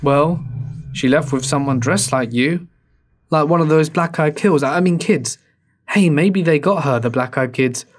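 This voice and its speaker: A man's voice: on the high side, measured pace, soft background music. A man doing an offhand young party buddy.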